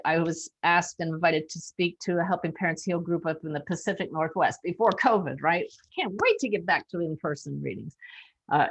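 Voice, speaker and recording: A woman working as a psychic medium, telling a story in an animated, lively way to a group of listeners. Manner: animated, lively storyteller with big pitch jumps. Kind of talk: storytelling talk.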